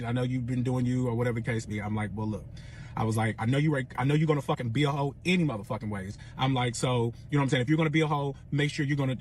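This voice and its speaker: Fast-talking young man, animated and profane, faint background noise. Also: medium pitch. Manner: profane, animated retelling with quoted dialogue. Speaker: storyteller. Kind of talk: casual storytelling.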